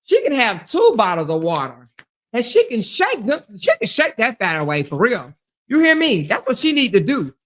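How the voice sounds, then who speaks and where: A middle-aged woman hosting a livestream, trash-talking with loud profanity and taunts while she exercises her arms. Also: on the high side, huge pitch swings, normal speed. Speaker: livestream commentary host.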